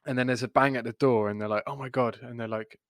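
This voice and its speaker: A man's voice: medium pitch, clean tone, no room sound, studio quality. A man co-hosting a podcast, retelling a sitcom episode in a rambling, chatty way with lots of restarts. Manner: rambling, many restarts, chuckles while retelling. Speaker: podcast co-host. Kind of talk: casual chat recapping a sitcom episode.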